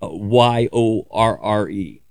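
A man's voice: on the low side, takes it slowly, creaky, a little mellow, dry recording. A man talking in a casual, rambling monologue, joking crudely and swearing freely as he digresses. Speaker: podcaster.

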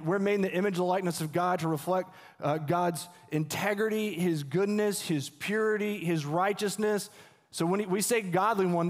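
A man preaching a sermon as pastor, earnest and repetitive, with restarts and rhetorical questions. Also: high voice. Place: church sanctuary. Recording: long hall reverb.

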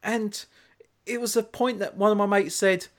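A man's voice: high voice, fairly even intonation, moderate pace. A man co-hosting a podcast, telling a story in a rambling way, full of fillers and restarts. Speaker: podcast co-host. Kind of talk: casual chat.

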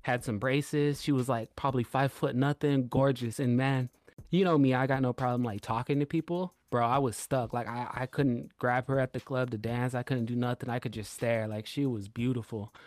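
Male podcast co-host, mid-pitched, casual swearing storyteller, close dry mic. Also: normal speed, no echo. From US West Coast. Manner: animated storyteller, swears, lots of "like" and "bro". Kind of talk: casual chat.

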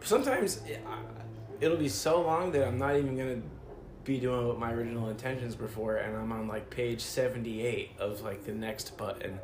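A man's voice: mid-range voice, steady tone, normal speed. Laid-back swearing man, echoey room. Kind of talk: casual movie commentary chat. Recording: roomy room with faint noise.

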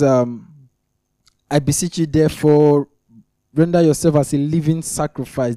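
A man's voice: fairly high pitch, dark tone, no room sound, clean studio sound. A man preaching a teaching sermon, earnest and repetitive, building to emphatic peaks. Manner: earnest, repeats key phrases for emphasis. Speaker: preacher leading a weekly teaching meeting.

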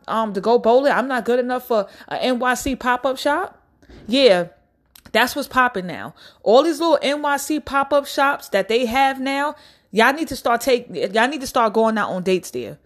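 A young woman ranting bluntly to camera in a casual, profane and animated way. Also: high voice. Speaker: vlogger.

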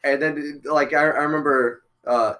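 A young man in casual chat with a friend, telling a school story in a relaxed way, with lots of swearing. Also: on the high side, normal speed. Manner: laid-back, profane, with fillers and restarts.

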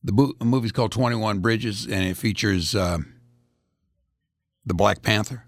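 A man's voice: lowish voice, moderate pace, dry recording, clean studio sound. A man in his seventies hosting a rambling, folksy one-man commentary, chatting casually and drifting from topic to topic. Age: 70s.

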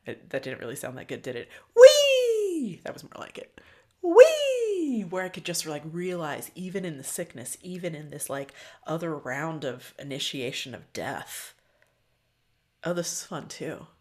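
A woman hosting a podcast, talking in a loose, candid, profane way about spiritual matters, with frequent ums and soft near-whispered stretches. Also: low voice, moderate pace. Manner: often drops to a soft, breathy near-whisper. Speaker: podcast host. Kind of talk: casual spiritual reflection.

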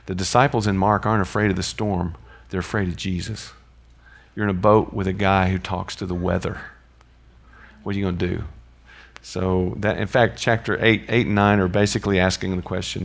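A man's voice: lowish voice, fairly even intonation, moderate pace, gravelly. A man giving an informal Bible teaching, conversational and mixing in personal stories and chuckling asides.

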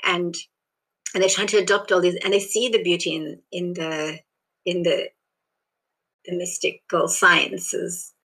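Woman, South African Indian accent with some Australian, bright tone, rambling interviewee. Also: lowish voice, little pitch movement, measured pace, creaky, pauses often, rough recording. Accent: South African Indian, mixed with Australian. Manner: rambling, restarts often, laughs softly. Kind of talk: casual conversational interview.

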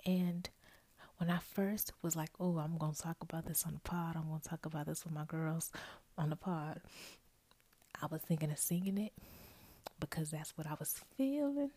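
A deep, dark-toned woman's voice at normal speed, with no echo, comes from a young podcast host whispering into an earphone microphone held close. She's in her bedroom at night with a roommate asleep nearby. Casual and chatty, she keeps correcting herself and calls the audience y'all.

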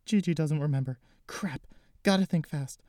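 A man voicing a nervous, quick-witted young woman who talks in a hurry. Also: a little high, mellow, no room sound, clean studio sound, voice pushed up, natural voice. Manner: hurried, anxious.

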